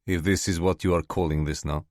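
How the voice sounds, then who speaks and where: A man voicing a gruff, indignant foreign businessman with a gravelly Czech accent and broken English, speaking slowly and sternly. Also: low voice, steady tone, a little mellow, no room sound, clean studio sound, pitched below the performer's own voice, natural voice. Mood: suspicious. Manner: slow, stern, lecturing.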